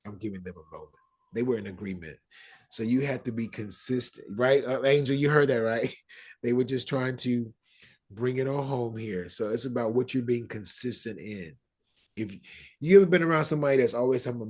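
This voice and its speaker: A man's voice: mid-range voice, fast talker, a little mellow, slightly rough. A man teaching a live class on spiritual ideas, talking in a conversational way, checking in with his listeners and acting out everyday quotes. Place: room with a live audience.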